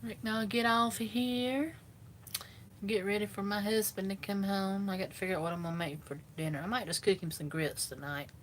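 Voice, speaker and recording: A woman's voice: medium pitch, little pitch movement, fast talker, few pauses, slight background noise. A woman with a South Carolina Southern accent, chatting casually and rambling easily with viewers, recorded on a phone. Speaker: vlogger. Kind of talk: casual live chat with viewers.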